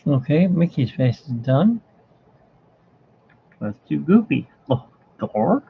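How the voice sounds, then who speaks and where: A man's voice: on the high side, sing-song, takes it slowly, vocal fry, breathy edge. A man chatting casually and rambling to himself as he draws live for his viewers. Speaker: live-drawing streamer. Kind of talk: casual chat while drawing. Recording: tinny phone-like line with faint hiss.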